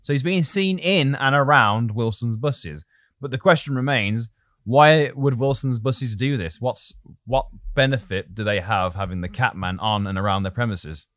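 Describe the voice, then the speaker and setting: A man's voice: mid-range voice, moderate pace, a bit bright, no echo, clean studio sound. A man from the English Midlands hosting a podcast, telling a story in a joking, rambling way. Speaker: podcast host. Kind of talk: casual podcast chat.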